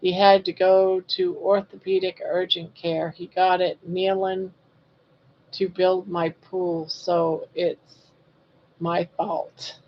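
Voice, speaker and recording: Woman in her 60s, live-stream host, slow and chatty, teases her viewers, slightly dull lo-fi audio. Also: on the low side, level tone. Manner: chatty, reads viewer comments aloud and teases. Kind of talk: casual live-stream chat.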